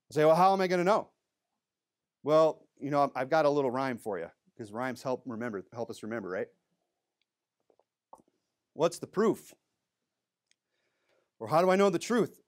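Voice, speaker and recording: A man preaching a sermon in a church, emphatic, asking rhetorical questions and dropping low to stress a point.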